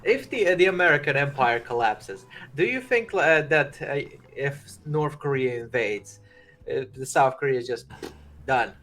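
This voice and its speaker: A man's voice: mid-range voice, animated, unhurried, a bit bright. A man chatting as co-host on a talk show, hesitant and full of fillers. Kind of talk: casual chat.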